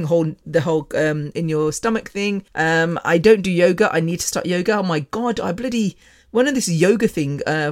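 A woman hosting her own podcast in a casual personal monologue, frank and candid with mild swearing, rambling with frequent restarts. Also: fairly low pitch. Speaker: podcast host.

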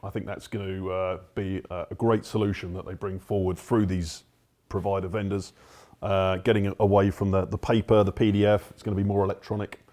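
A man's voice: sits low, level tone, fairly quick, warm tone. A man with a South African accent, explaining things steadily as an expert guest on a panel. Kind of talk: panel discussion.

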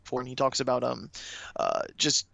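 A man's voice: medium pitch, flat delivery, moderate pace, creaky, pushed and bright, no echo. A man co-hosting a casual podcast, rambling enthusiastically and swearing casually. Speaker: podcast co-host. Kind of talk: casual chat.

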